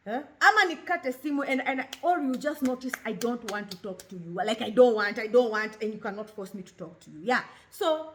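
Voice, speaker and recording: A woman's voice: fairly high pitch, animated, a little fast, hardly any pauses, a bit bright, a little hiss or hum. A Kenyan woman in her thirties hosting a talk show, speaking openly and expressively, mixing English with Swahili. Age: 30s. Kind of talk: candid personal monologue.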